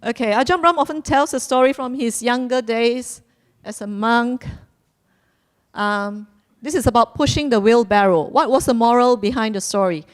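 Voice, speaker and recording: A woman's voice: a little high, normal speed. A woman hosting a live quiz at a community celebration, playful and repeating her instructions, laughing now and then. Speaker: quiz host.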